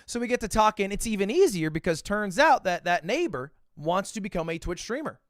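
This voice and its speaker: A young man spins a casual story, his high voice swinging widely as he gets worked up. He swears freely and mocks himself, and the sound is close and dry with no room around it. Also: fairly quick, no echo. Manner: animated, swears freely, self-mocking. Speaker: online creator.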